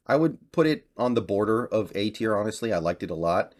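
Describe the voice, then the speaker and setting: Young male gaming host, lower register, relaxed off-the-cuff chat. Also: a little fast. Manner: chatty, offhand, thinking aloud. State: slight cough and voice crack. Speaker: gaming YouTuber. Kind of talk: casual tier-list commentary.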